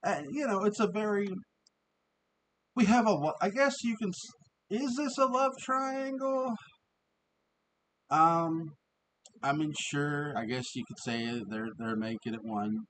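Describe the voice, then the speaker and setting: A man's voice: high-pitched, animated, measured pace, long pauses, a bit bright, slight background noise, low-quality recording. Rambling man reviewing an old TV episode. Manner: rambling, many restarts and fillers, laughs often. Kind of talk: casual review monologue.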